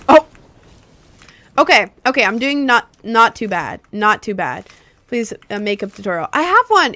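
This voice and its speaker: A woman's voice: fairly high pitch, fairly bright tone, dry recording. A young woman chatting casually on a live stream while playing a game, rambling and answering her chat.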